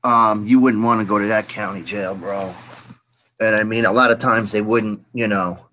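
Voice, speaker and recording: Low-voiced laid-back man. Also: steady tone, moderate pace, bright, forceful tone, slight background noise. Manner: laid-back, profane, laughs along. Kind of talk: casual chat.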